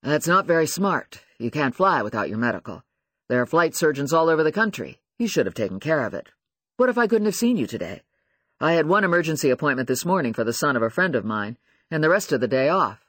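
A man's voice: fairly high pitch, big pitch swings, fast, a bit bright, dry recording, studio quality. A man voicing a manipulative male doctor who lectures and presses his patient in an audiobook. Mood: stern. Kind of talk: audiobook character voice.

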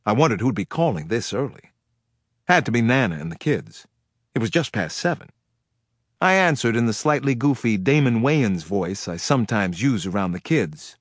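Husky male thriller narrator. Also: on the low side, very animated, no echo, studio quality. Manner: measured, dramatic storytelling. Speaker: audiobook narrator. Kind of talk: first-person thriller narration.

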